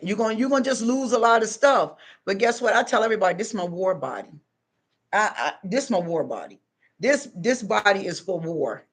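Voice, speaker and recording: A middle-aged woman, a spiritual self-help vlogger, giving an emphatic, unscripted motivational talk straight to her viewers. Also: a little high. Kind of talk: unscripted motivational monologue to followers.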